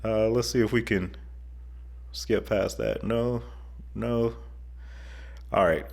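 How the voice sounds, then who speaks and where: A man's voice: fairly low pitch, steady tone, slow pace, gravelly. A man hosting an online video, giving chatty, enthusiastic, joking commentary over video clips. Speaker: YouTube host.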